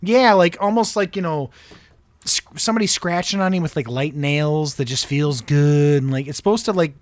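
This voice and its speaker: A man's voice: fairly high pitch, normal speed, no room sound. A man chatting loosely on a podcast, rambling through fillers and laughing. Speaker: podcast co-host. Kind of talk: casual chat.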